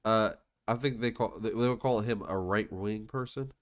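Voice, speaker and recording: A man's voice: lowish voice, normal speed. A man co-hosting a podcast, chatting casually in a loose, rambling way. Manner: loose, rambling, with fillers and restarts. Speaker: podcast co-host. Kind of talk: casual chat.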